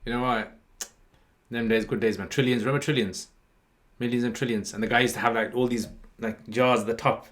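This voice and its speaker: A relaxed man at a middle pitch, chatting easily as a podcast host. He tells stories at length and laughs often between them. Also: fairly quick. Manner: laughing, anecdotal storytelling. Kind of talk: casual chat.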